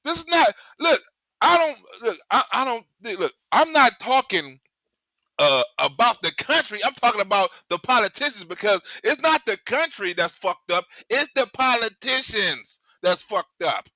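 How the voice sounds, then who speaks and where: A male host giving rambling, profane political commentary in an animated way, cursing heavily. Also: very high-pitched, normal speed, no echo.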